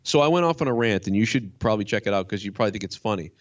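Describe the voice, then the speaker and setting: A man, a comedian, chatting casually as a guest, rambling and swearing as he tells a story excitedly. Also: fairly low pitch, very fast, highs cut off. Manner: profane, rambling, excitable ranting. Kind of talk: casual chat.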